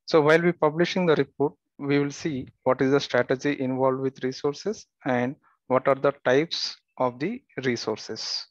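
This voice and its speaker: Male tutorial instructor, even mid pitch, dry muffled lo-fi mic, plain walkthrough delivery. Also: normal speed, no echo. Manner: steady step-by-step instructions with occasional fillers and restarts. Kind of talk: screen-recorded software tutorial.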